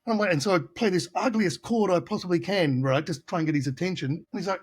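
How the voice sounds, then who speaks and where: A middle-aged Australian guitarist, appearing as an interview guest, tells casual anecdotes from the studio in a high voice at a quick pace. He acts out the voices of the people he quotes.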